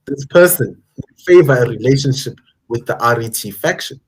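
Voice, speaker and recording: A man's voice: medium pitch, lively intonation, normal speed, breathy edge, low-quality recording. A man from South Africa hosting his own channel, giving emphatic live-stream political commentary and talking straight to his viewers. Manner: emphatic, ranting, addresses viewers directly. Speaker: channel host.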